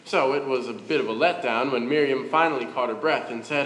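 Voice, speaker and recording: A man's voice: mid-range voice, a little fast, few pauses, a bit bright. A man narrating a church pageant in an easygoing, wry storytelling manner. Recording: echoey church hall, reverb.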